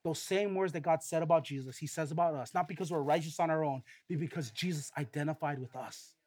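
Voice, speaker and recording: High-voiced man preaching a sermon. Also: quick pace. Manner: earnest, rhetorical questions, builds up then drops to quiet. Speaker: pastor.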